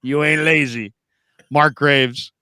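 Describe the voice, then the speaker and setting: A man's voice: a little high, fairly even intonation, slow pace, sharp tone, smooth, no echo, clean studio sound. A man hosting a casual show, telling stories, laughing often and reading viewer comments aloud. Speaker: host.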